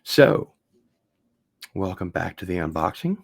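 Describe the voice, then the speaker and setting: His voice is low, creaky, and husky, with big pitch swings. The man hosts a casual livestream unboxing vinyl records, chatting in a rambling, drawn-out way while opening packages and wandering off on tangents.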